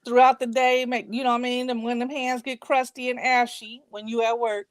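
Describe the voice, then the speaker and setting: Woman podcast co-host, high voice, teasing and a bit boastful in loose chat. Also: flat delivery, fairly quick, no room sound. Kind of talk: casual chat.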